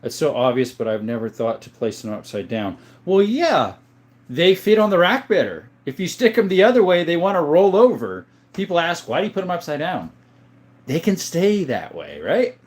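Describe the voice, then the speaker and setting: A man in his thirties from the US, chatting casually on a livestream, reading viewer comments and answering in a folksy, relaxed way. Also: a little high, normal speed. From USA. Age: 30s. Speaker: gun collector livestreaming.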